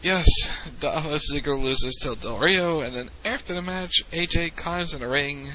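Bright-voiced man recapping wrestling matches. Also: on the high side, unhurried, highs cut off. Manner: relaxed, teasing, recounts events play by play. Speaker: podcast host. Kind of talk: casual wrestling recap podcast.

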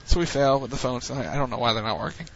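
A man's voice: medium pitch, racing, vocal fry, a bit bright, muffled recording, slight background noise. A man hosting a casual online wrestling radio show, joking loosely and plugging upcoming shows.

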